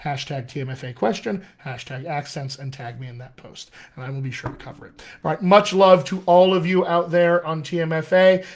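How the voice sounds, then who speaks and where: A man coaching accents on a casual livestream, talking straight to his viewers in a friendly, salesy way and reading out their comments. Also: a little high. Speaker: dialect coach.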